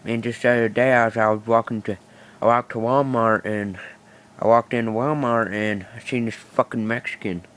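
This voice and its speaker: A man's voice: mid-range voice, steady tone, moderate pace, a bit bright. A man telling a rambling, profane, boastful improvised stand-up story into a phone. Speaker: amateur comedian.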